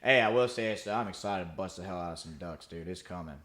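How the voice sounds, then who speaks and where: A man's voice: sits low, quick pace, a bit bright. A young man co-hosting a podcast, chatting casually in a laid-back, rambling way full of "like" and "dude". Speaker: podcast co-host. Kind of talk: casual chat.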